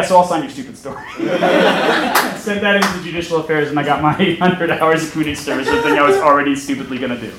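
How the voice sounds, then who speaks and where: A young man telling a self-mocking story on stage, chatty, breaking into laughter as he goes. His voice sits a little high for a man, and the room gives it a roomy echo with faint noise behind. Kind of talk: live personal storytelling. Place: stage before a live audience. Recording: echoey room.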